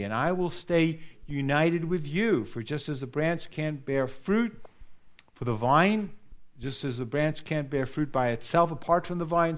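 A man preaching a sermon to a congregation, earnest and direct, repeating key phrases for emphasis and putting questions to his listeners. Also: fairly high pitch. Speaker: pastor.

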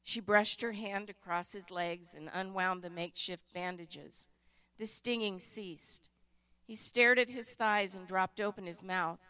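A woman reading a story aloud as narrator, in a measured, expressive way. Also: mid-range voice.

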